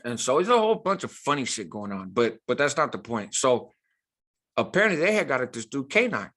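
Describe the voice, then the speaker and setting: A man's voice: medium pitch, sing-song, fairly quick, fairly bright tone. A man telling a prison story in an emphatic, casual way, using street slang and frequent "right?" asides.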